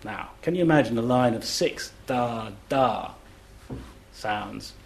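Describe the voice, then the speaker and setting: A man speaking as a classics scholar on a festival panel, explaining in a measured, demonstrative way and chanting rhythms aloud to show them. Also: mid-range voice, gravelly. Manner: measured and deliberate. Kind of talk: explanatory public talk.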